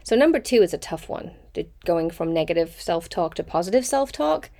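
A woman's voice: on the low side, animated, brisk, warm tone. A woman hosting a self-help podcast, talking in an upbeat, encouraging way and laughing often. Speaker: podcast host.

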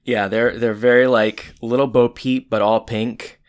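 A man co-hosting a casual recap chat, dropping low-key, dry asides. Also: flat delivery, unhurried, clear, resonant tone. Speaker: podcast co-host.

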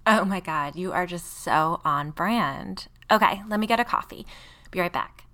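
A woman's voice: lowish voice, normal speed, bright, forceful tone. A woman voicing a pushy, dramatic suburban woman who talks in a whiny, gushing, theatrical way.

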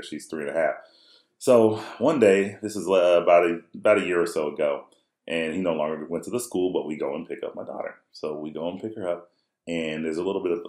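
A man with a very low, deep voice tells a story at length on a casual podcast. He rambles and restarts often, but stays animated. The sound is roomy and echoey. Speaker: podcast co-host.

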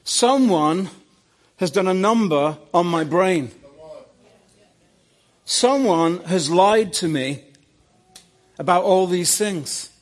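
Slow-spoken man preaching a story. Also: high voice. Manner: animated storytelling with restarts and stammers. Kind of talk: sermon storytelling.

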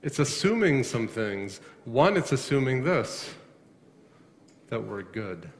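A man's voice: mid-range voice, sing-song, slow. Preaching man in an echoing hall. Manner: asks the congregation questions, rises sharply on emphasis. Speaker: pastor. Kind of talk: sermon. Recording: long reverb of a hall.

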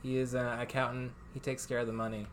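A man's voice: mid-range voice, flat delivery, fast talker, natural voice. A man voicing a simple young male townsperson in a comedic tabletop game, talking in an earnest, fumbling, pleading way.

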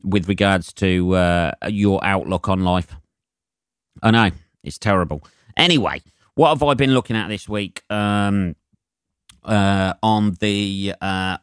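A man's voice: lowish voice, clear, resonant tone, no room sound, studio quality. A man hosting his own comedy podcast, ranting and swearing his way through a monologue. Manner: sweary, ranting, winds himself up.

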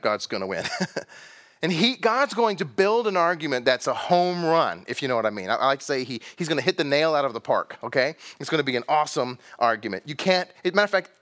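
A man's voice: mid-range voice, a bit bright. A man from Texas, preaching a sermon to a congregation in a conversational style, drawing out key words and asking rhetorical questions. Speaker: pastor.

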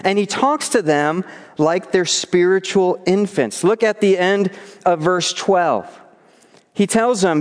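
A young male preacher with a high, smooth voice reads scripture slowly, then shifts into relaxed, conversational storytelling. His words ring out with a long reverb, as if in a large church hall. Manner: casual storytelling, acts out whiny child voices. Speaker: youth pastor. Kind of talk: sermon with scripture reading.

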